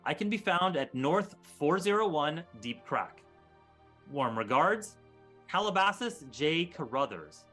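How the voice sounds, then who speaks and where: A man putting on an accent to voice a pompous, wealthy gentleman reading his formal letter aloud. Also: fairly high pitch, big pitch swings, unhurried, soft background music, exaggerated voice. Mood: grandiose. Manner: formal, florid, put-on accent.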